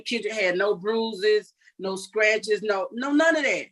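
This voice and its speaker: A woman's voice: mid-range voice, unhurried, hardly any pauses, poor audio. An older woman, giving an earnest, vivid personal account as an interview guest. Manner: earnest, recounting vividly with quoted dialogue.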